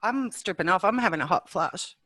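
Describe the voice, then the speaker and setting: A woman co-hosting a podcast, chatting casually and teasing with deadpan jokes. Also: lowish voice, a little fast, dry recording. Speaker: podcast co-host. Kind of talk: casual chat.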